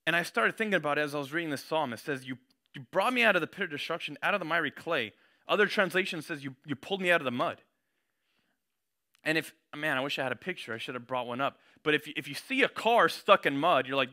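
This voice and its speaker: A man's voice: on the high side, lively intonation, quick pace, pushed and bright. A young man giving a casual sermon, slangy and conversational, reading scripture with rising intensity.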